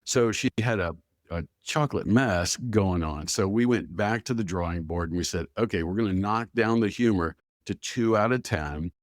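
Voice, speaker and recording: A man being interviewed as an expert guest, telling stories in an animated way and acting out the dialogue he quotes. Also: lowish voice, moderate pace, no room sound, studio quality. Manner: animated storyteller who acts out quoted dialogue, with filler "blah, blah". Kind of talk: conversational podcast interview.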